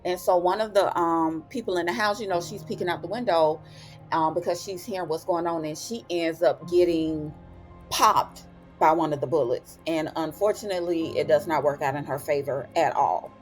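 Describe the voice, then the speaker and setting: A young woman giving a chatty, expressive episode recap, with slang asides as she retells the plot. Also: deep voice, normal speed, soft background music. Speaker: TV recap host.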